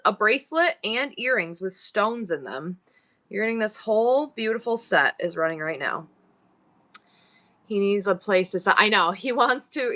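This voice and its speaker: A middle-aged woman from upstate New York, chatting quickly and warmly with viewers while running a live online jewelry sale. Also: lowish voice. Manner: fast-talking, chatty. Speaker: online auction seller. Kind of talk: live-stream selling chat.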